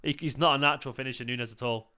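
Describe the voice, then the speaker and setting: A man hosts a live football watchalong, chatting casually and gushing thanks to his viewers between remarks on the game. His voice is bright and clean, with loose, frequent swearing. He sounds tired and a bit emotional. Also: mid-range voice, steady tone, rapid-fire, clear, resonant tone. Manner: effusive, swears freely, thanks viewers by name. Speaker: streamer hosting a football watchalong. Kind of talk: casual live-stream chat and commentary.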